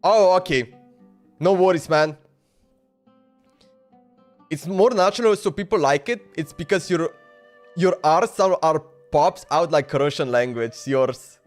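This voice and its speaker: A talkative male streamer on a live stream, chatting loosely with his viewers in broken English. His voice is high for a man, and he laughs often. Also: measured pace, pauses often, soft background music. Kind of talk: casual live-stream chat.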